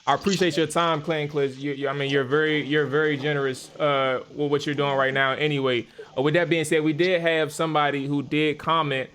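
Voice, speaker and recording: A man hosting a live-streamed podcast, relaxed and filler-heavy as he passes along chat questions. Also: on the high side, a little fast, few pauses. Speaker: podcast host.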